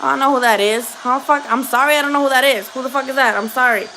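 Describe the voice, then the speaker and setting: A woman with a high, bright, ringing voice hosts a casual live chat about boxing. She is blunt and foul-mouthed, teasing and talking back to her viewers. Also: quick pace, slight background noise. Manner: blunt, profane and joking, talks back to chat. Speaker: host of a boxing livestream.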